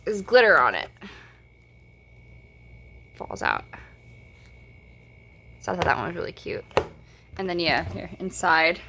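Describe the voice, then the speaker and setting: A woman's voice: on the low side, sing-song, unhurried, gravelly, pauses often, bright, forceful tone, a little hiss or hum. A young woman telling a rambling storytime at home, swearing casually and filling her talk with "like" and "bruh". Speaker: vlogger. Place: at home, indoors.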